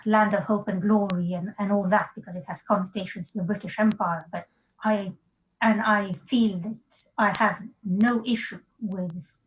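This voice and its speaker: A woman's voice: medium pitch, rough recording. A woman with a slight French accent, a guest in a casual interview, chatting freely with frequent fillers and light laughter. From Africa and France.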